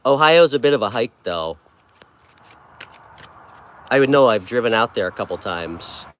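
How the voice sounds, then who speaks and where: Hosting a casual tarot livestream, a New York man chats amiably with viewers and answers what they write in. He has a medium pitch, lively intonation, and a fairly bright tone, moving at a moderate pace over slight background noise.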